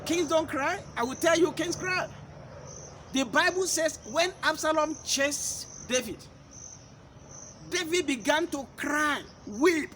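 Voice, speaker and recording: A man's voice: very high-pitched, sharp tone, a little hiss or hum. A man preaching a sermon-style teaching. He fires rhetorical questions at his listeners and hammers his points by repeating them. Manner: emphatic, repeats key points.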